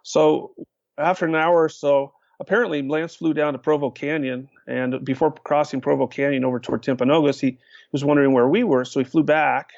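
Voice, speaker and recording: Speaking fairly quickly in a fairly high-pitched, creaky voice, an older podcast guest livens up an interview with stories, voicing quotes and dropping plenty of "uh" fillers. The audio has no room sound but a dull lo-fi quality.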